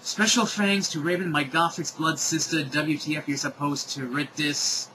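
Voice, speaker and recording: A man's voice: fairly high pitch, steady tone, moderate pace, noisy background, natural voice. A man mimicking a bratty teen fanfic girl.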